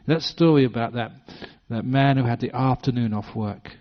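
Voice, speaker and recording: A mid-range male voice at normal speed belongs to a sixty-something English Buddhist monk living in Western Australia. In a dharma talk he tells a story with humor and puts on little voices for the characters, heard through a dull lo-fi recording.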